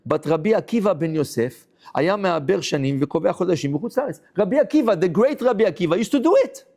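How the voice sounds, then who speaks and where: A man, a rabbi, teaching a Talmud class as a lively story, acting out the dialogue and restating each point for his students. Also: high-pitched, rapid-fire, vocal fry. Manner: acts out the dialogue of the story, exclaiming and questioning.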